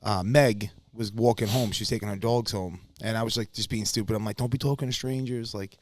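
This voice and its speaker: A man's voice: lowish voice, fairly quick, no room sound. A man co-hosting a podcast, telling a story in casual chat, swearing freely and acting out quotes. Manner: profane, animated storyteller who acts out quotes loudly. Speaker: podcast co-host.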